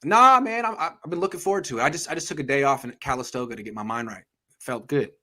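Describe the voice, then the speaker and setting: A man's voice: mid-range voice, bright, forceful tone. A man hosting a sports talk show, chatting casually and reading out viewer comments. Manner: quick, casual, reads viewer comments aloud. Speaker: podcast host.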